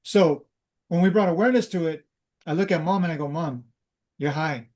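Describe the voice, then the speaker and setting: A man's voice: a little high, fairly quick, a little mellow. A man hosting a talk, casually telling a personal story and drifting into spiritual teaching, with many fillers and restarts. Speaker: host.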